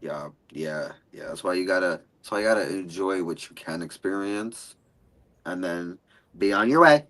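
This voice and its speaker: A man's voice: deep voice, normal speed, poor audio. A man co-hosting a casual chat, playful and emotional as he tells stories. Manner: playful, emotional, animated storytelling. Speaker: co-host.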